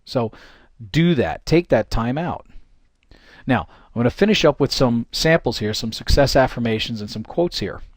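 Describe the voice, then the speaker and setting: A middle-aged man, giving an informal, animated motivational talk with many fillers and restarts. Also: mid-range voice, normal speed, dry recording, studio quality. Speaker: goal-setting coach.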